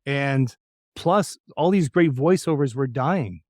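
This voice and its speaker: A man's voice: medium pitch, takes it slowly, no echo. Middle-aged man telling stories, dry sound. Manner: animated, slips into impressions of other voices. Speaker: voice actor guest. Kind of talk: casual interview storytelling.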